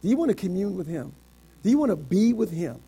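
A middle-aged man preaching a sermon, quoting scripture in old biblical wording and swinging between shouted climaxes and quiet, low passages. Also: sing-song, quick pace, gravelly, breathy edge. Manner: quotes scripture in King James wording.

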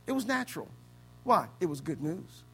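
A man from the States preaching a sermon as pastor, swinging between loud exclamations and low, quiet stretches. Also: very animated, normal speed, gravelly, husky, faint music behind. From United States.

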